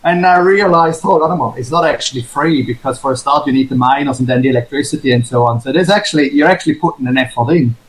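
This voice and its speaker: A man from Australia with an Australian accent, answering interview questions in a relaxed, rambling way. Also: medium pitch, fast, few pauses, poor audio. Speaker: podcast guest, farmer.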